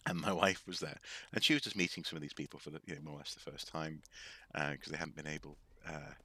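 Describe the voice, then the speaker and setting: A man's voice: extremely low pitch, fairly even intonation, fast talker, sharp tone. A man casually commenting on a game as he plays, rambling with frequent restarts. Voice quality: rambling, with many fillers and restarts. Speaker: streamer.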